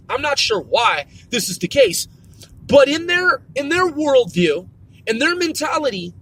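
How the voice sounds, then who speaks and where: A man's voice: extremely high pitch, big pitch swings, normal speed, sharp tone. A man hosting a podcast, delivering a profane, emphatic, stern rant. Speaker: podcast host. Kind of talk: ranting podcast monologue.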